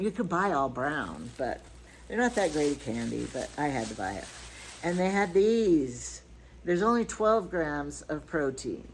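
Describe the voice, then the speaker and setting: Older lady rambling about her shopping haul, low voice, chatty asides. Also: slight background noise, poor audio. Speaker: vlogger. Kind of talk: casual shopping haul chat.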